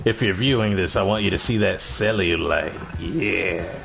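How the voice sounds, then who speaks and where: A man's voice: deep voice, normal speed, gravelly, very noisy. A man co-streaming a game, joking in a drawl and laughing often. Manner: drawling jokes and frequent laughter. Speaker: gamer co-streamer. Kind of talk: joking gaming chat. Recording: dull lo-fi stream with loud game music.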